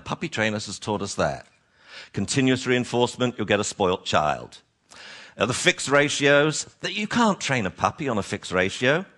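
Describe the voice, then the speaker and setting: A man giving a lively talk to an audience as a dog trainer, acting out owners and dogs in funny voices. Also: medium pitch.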